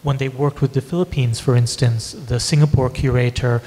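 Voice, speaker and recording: A man's voice: medium pitch, moderate pace. Male moderator in a reverberant hall. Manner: relaxed, conversational, some fillers. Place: gallery event space.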